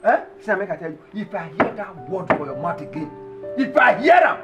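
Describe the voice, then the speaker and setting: An actor playing a loud, bossy father and husband in a Nollywood comedy, speaking with a Nigerian accent and breaking into shouts. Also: fairly high pitch, a little fast, over loud music, lightly acted. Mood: scolding. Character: blustering proud father of a stubborn son.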